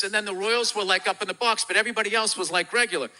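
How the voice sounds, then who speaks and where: A man from America telling stories as a comedian guest on a talk show, his voice pitched high for a man and strikingly bright and cutting. He swears freely and bursts into loud, animated impressions of the people in his stories. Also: fast talker. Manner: profane, animated, acts out quoted voices loudly.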